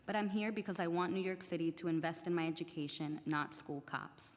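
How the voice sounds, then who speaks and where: A woman's voice: fairly low pitch, a little fast. Young teen girl reading prepared testimony. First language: not English. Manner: earnest, reading from a script. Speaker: student testifying. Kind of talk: prepared testimony read aloud. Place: council chamber. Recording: long reverb of a large chamber.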